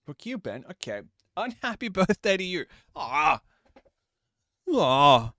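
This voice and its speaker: A man's voice: high-pitched, very animated, slow, a bit bright, no echo, studio quality. A man live-streaming from his desk at home, chatting casually, joking, laughing and swearing while he bakes.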